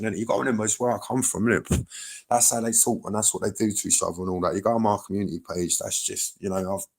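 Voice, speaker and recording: A man, chatting loosely on his own livestream, rambling, swearing and answering his chat. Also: sits low.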